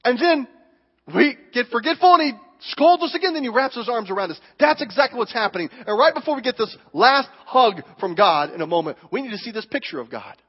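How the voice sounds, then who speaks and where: A male pastor preaching a sermon in a church, telling stories with emphatic, animated delivery. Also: extremely high pitch, brisk, slightly rough. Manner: animated, emphatic storytelling with acted quotes. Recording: dull recording with long hall reverb.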